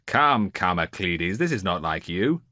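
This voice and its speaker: A man's voice: fairly low pitch, sing-song, a little fast, fairly bright tone, no room sound, studio quality. A man voicing a bluff, crafty king. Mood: impatient. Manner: bluff and joking. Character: stocky middle-aged king, crafty storyteller.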